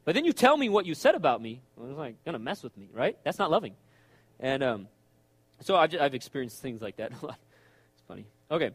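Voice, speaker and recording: A man's voice: mid-range voice, very animated, fairly quick, breathy edge, no echo. A middle-aged man, a pastor, preaching an emphatic sermon and acting out quoted voices.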